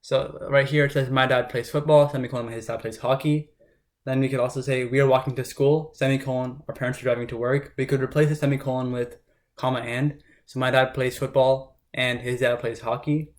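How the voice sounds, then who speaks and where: A man's voice: mid-range voice, level tone, brisk. A man working as a test prep tutor, explaining grammar rules in an informal way and often checking in with listeners. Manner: informal, talks it through with frequent "right?" check-ins.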